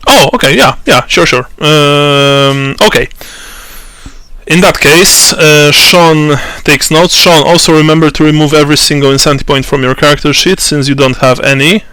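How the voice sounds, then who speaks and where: A man narrating a tabletop role-playing game as game master, slow and halting with many fillers and restarts. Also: fairly high pitch, sharp tone, clear, resonant tone, no echo.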